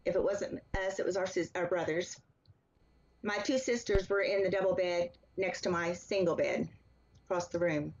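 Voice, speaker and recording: A woman's voice: fairly low pitch, fairly even intonation, moderate pace. Earnest woman telling her story, lo-fi. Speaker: author and interview guest. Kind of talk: personal testimony in an interview. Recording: slightly dull, lo-fi sound.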